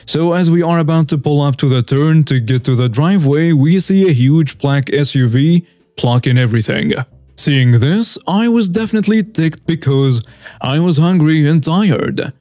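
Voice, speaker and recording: A man's voice: fairly high pitch, normal speed, mellow, dry recording, clean studio sound. A man narrating scripted reader stories, reading every character's lines in much the same voice. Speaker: story narrator.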